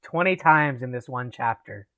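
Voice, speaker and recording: A man's voice: mid-range voice, moderate pace, pushed and bright, no room sound. A man hosting a stream, reading a fan story aloud to friends and swearing in his asides. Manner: reads with laughs and swearing asides. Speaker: channel host reading fan fiction.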